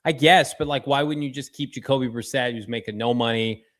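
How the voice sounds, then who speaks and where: A man co-hosting a sports talk show, joking and animated, with sudden jumps in pitch. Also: brisk.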